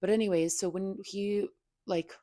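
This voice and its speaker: A woman's voice: mid-range voice, steady tone, moderate pace, mellow, no echo, clean studio sound. A young woman hosting a podcast, venting candidly in casual talk full of "like" and swearing. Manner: venting, heavy "like" filler, frequent swearing. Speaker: podcast host.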